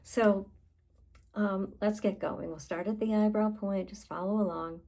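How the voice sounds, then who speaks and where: A woman life coach guiding a tapping session, talking in a calm, unhurried way and pausing between phrases. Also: medium pitch, creaky, rough recording.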